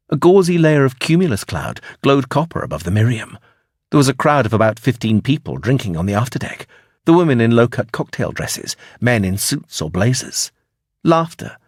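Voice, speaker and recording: Male audiobook narrator, expressive and lively; husky, dry close-mic sound. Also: medium pitch, dry recording.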